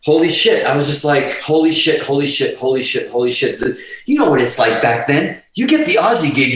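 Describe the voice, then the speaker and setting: A man in his fifties, a guitarist guest on a podcast, telling stories in a profane, animated way and laughing through them. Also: on the high side. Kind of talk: storytelling in casual chat. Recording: very echoey room, far from mic.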